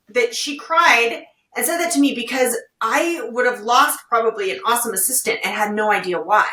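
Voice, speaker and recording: On an interview podcast, a woman who directs legal well-being speaks as a guest in a slightly high voice, at a moderate pace with few pauses. She chats casually and tells stories with animated, expressive retellings. The recording sounds roomy, as if the mic were far away.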